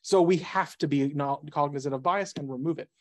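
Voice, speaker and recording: Male presenter, brisk and slightly high, casual and jokey, keeps restarting sentences. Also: darkish tone. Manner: rapid, self-interrupting, jokey asides. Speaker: conference speaker. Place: meetup presentation room.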